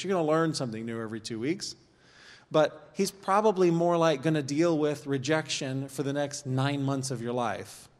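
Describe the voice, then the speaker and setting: A man teaching an informal church course, talking conversationally with pauses and reading scripture aloud. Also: a little high. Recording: long hall reverb.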